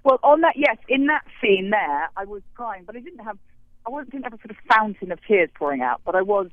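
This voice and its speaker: An actress chats in a casual interview about her show from outdoors on a street, rambling, self-deprecating, and restarting sentences. Her mid-range voice is expressive and fairly quick, with no echo, over a tinny phone line.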